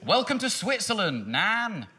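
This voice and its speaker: A man's voice: high voice, unhurried, noisy background. A man, performing a sarcastic, punchy stand-up comedy set on the stage of a large music hall. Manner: animated, sarcastic, punchy delivery with shouted bits. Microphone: stage microphone.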